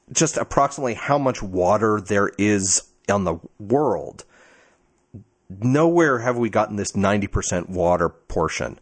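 A man's voice: on the low side, measured pace. A man co-hosting a podcast in casual chat, talkative and wry, explaining at length. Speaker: podcast co-host.

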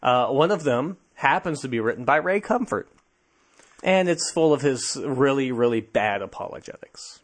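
A man's voice: mid-range voice, expressive, normal speed. A man hosting a podcast, talking casually and conversationally, easily amused. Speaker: podcast host.

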